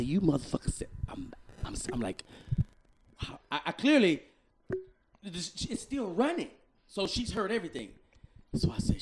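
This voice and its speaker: A young adult man co-hosting a casual podcast, telling a story and acting out the quotes, swinging from low mutters to loud outbursts. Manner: animated, acts out quotes with big swings from low mutters to shouts. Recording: noisy podcast recording.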